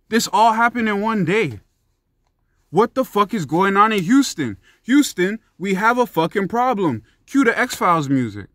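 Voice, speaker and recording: A young man rants about sports in a heated, swearing vlog voice. His voice sits high and sounds bright and forceful. The recording is dry and close. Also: big pitch swings, moderate pace, dry recording. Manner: profane, heated and emphatic. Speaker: sports commentary vlogger. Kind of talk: ranting sports commentary.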